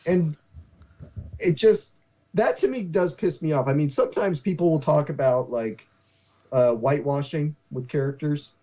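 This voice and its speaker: A man hosting a casual talk show, rambling and halting with many restarts. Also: on the high side, dark tone. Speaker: podcast host. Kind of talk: casual chat.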